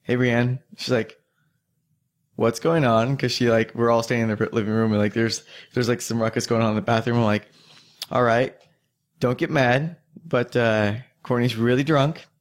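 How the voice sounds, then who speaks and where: A young man tells a rambling story in casual chat, swearing freely and laughing between lines. His voice sits in an ordinary middle pitch. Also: steady tone, normal speed.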